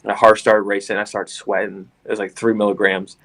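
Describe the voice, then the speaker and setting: A man's voice: lowish voice, flat delivery, fairly quick, a bit bright. A young man co-hosting a podcast in casual chat, earnest and rambling with lots of fillers.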